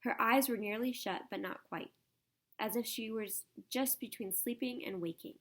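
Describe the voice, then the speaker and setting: A woman narrating a children's storybook aloud in a soft, measured way. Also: on the high side. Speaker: audiobook narrator.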